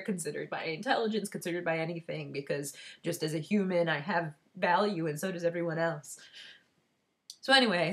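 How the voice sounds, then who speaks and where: A woman speaks straight to her viewers in a heartfelt, unscripted vlog. She talks candidly, stopping and restarting her sentences, and her voice sits somewhat low for a woman. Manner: candid, halting, with many restarts and fillers; earnest and heartfelt. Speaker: vlogger giving a personal update. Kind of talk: emotional personal vlog.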